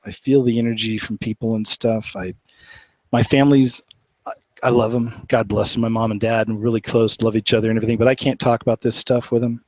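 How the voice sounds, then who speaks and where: A man's voice: mid-range voice, no room sound, rough recording. A man from Oklahoma, hosting a live show in a casual, rambling, earnest way and laughing often. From Oklahoma, USA. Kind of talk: casual live-stream chat.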